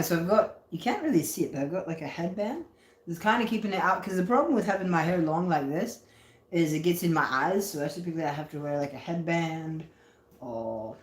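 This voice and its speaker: Woman, livestream chat, low-ish voice, playful and chatty, roomy echo. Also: fairly quick. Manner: chatty and playful, reads comments aloud and answers them. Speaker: livestreamer reading viewer comments.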